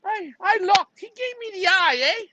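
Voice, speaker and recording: A man hosting a pigeon club livestream, joking loudly and teasing with animated banter. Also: very high voice, moderate pace, dry recording. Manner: joking, loud, animated, mocks others. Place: indoor pigeon club room. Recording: slightly dull lo-fi sound.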